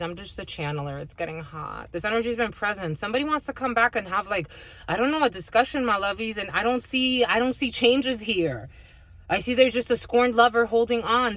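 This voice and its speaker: A woman's voice: on the high side, a bit bright. A woman channeler giving a spiritual energy reading to her viewers. She talks bluntly and swears freely, restarts her sentences often and calls her listeners "my lovies.". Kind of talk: direct-to-camera energy reading monologue.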